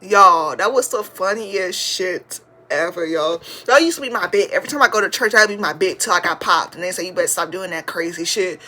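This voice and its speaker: A woman in her twenties hosting a podcast, telling a funny story in a chatty, slangy way, sometimes breaking into loud shouted praise. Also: mid-range voice, lively intonation, a little fast, few pauses. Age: 20s. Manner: slangy, chatty, addresses listeners as y'all. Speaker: podcast host. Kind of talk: casual storytelling to listeners.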